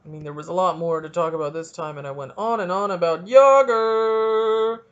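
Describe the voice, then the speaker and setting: Rambling high-voiced man hosting a podcast. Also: moderate pace, clear, resonant tone. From Canada. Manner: rambling, jokey, thinks out loud. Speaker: podcast host. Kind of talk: solo casual podcast. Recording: dull lo-fi recording.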